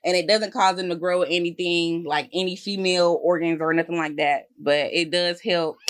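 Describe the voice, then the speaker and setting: A woman's voice: fairly low pitch, steady tone, normal speed. A woman co-hosting a podcast, talking candidly and at length in casual chat. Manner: candid, emotional, talks at length. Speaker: podcast co-host.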